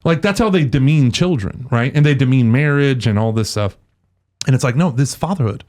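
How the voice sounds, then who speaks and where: A man's voice: medium pitch, a little fast. A man chatting as a podcast guest, telling stories animatedly and often slipping into other people's voices. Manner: animated storyteller, does voices and laughs often. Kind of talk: casual chat.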